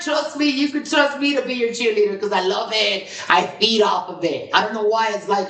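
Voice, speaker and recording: A woman hosting a casual solo podcast, excitable and repetitive, swinging between low musing and high, loud exclamations. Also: fairly quick, few pauses, distant mic. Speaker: podcast host. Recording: roomy, from off the mic.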